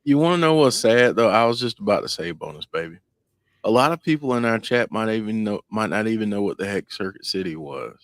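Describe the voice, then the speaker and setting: A man co-hosting a podcast, chatting in a relaxed way with short agreeing replies. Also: on the low side, fairly quick, no room sound, clean studio sound. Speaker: wrestling podcast co-host. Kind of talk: casual chat.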